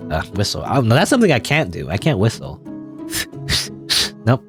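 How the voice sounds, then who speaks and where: A young man casually rambling through a game, self-deprecating and quick to laugh. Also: lowish voice, wildly swooping pitch, faint music behind. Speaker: let's play gamer. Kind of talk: casual gameplay commentary.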